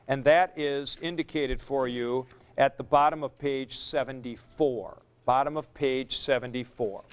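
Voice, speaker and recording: Guy teaching greek grammar, slow and careful, stops to fix himself and repeats stuff, smooth clear voice. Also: fairly high pitch. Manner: stops to correct himself, repeats key points. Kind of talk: lecture.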